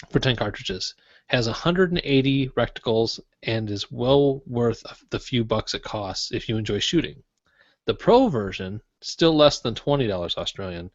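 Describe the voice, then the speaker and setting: Easygoing and joking, this podcast co-host has a mid-range voice and fumbles through listener email on a tech show. Sound is dry, dull and lo-fi, with no room sound.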